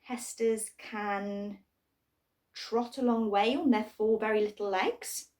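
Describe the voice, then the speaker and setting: A woman's voice: steady tone, slow pace, darkish tone, close to an everyday voice. A woman voicing a small, shy, bluish-grey creature who is unsure of herself, speaking hesitantly in a storybook reading. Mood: earnest. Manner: hesitant, timid, high.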